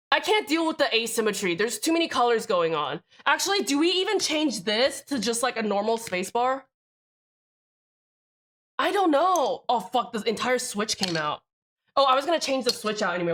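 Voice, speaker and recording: A woman's voice: a little high, a bit bright. A young woman livestreaming as she builds a keyboard, rambling casually, cutting herself off mid-thought, swearing freely and answering her chat.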